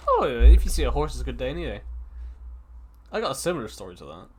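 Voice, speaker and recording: Man, casual podcast chat, animated pitch, rambling, swears, online call. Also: fast talker, breathy edge. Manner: rambling, swearing, many restarts. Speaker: podcast co-host.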